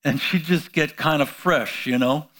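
A man's voice: a little high, measured pace, fairly bright tone. A man preaching a sermon, prompting the congregation with call-and-response questions and exclaiming hallelujah. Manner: frequent "you know" fillers, exclaims hallelujah.

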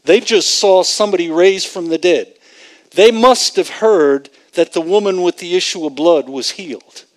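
A man's voice: high voice, normal speed, poor audio. A man preaching a sermon, earnestly explaining scripture and stressing his points with emphasis. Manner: earnest, emphatic, retells scripture with vivid acted-out quotes. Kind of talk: sermon teaching.

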